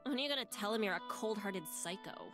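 An actress plays a young office bully who needles and sneers at every turn. Her voice sits mid-pitch, with faint music under it, a game character spoiling for a fight. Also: lively intonation, fast, close to an everyday voice. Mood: taunting. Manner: taunting, sneering. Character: mocking, trouble-stirring young woman coworker bully.

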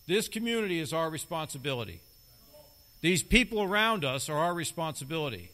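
A middle-aged man delivering a church sermon with a bright, forceful voice. He leans into his points and repeats key lines to drive them home. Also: on the high side, very animated, brisk. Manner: emphatic, repeats key phrases for stress. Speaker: lay preacher.

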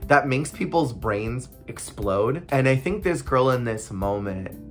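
A casual vlog storyteller with a blunt, wry way of talking. The voice sits at a middling pitch and shifts into animated, playful tones when acting out other people. Faint music plays underneath. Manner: animated, acts out quoted people. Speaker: former theme park cast member.

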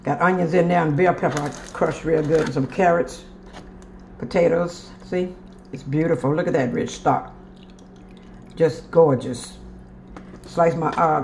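Gravelly-voiced woman chatting about food. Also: low voice, a little mellow, slight background noise. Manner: homey, chatty, addresses viewers as y'all and honey. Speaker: cooking vlogger. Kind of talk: casual cooking show-and-tell.

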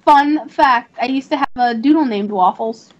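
A young woman hosting a livestream, chatting casually while gaming, giggly and quick to apologize. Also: sits high, dull audio. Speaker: livestream host.

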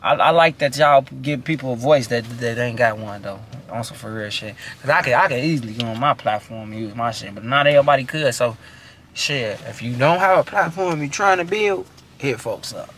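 Guy, cussing and blunt, stumbles and restarts a lot, bright voice, faint hiss behind. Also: medium pitch, brisk. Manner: blunt, profane, restless, repeats himself. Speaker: interview guest. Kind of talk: casual interview chat.

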